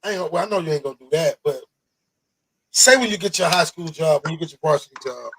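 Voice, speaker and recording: A man hosting a casual podcast, talking in animated, rambling bursts full of swearing and restarts. His voice sits high and has a gravelly, husky edge. The sound is dry and close. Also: fast, no room sound, low-quality recording. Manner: animated, rambling, profane, repeats himself. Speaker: podcast host. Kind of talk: casual interview chat.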